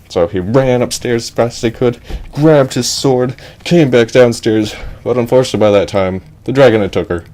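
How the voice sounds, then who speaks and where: A man's voice: mid-range voice, moderate pace, dark tone. A man improvising a goofy comic story in a rambling, offhand way, breaking off for asides.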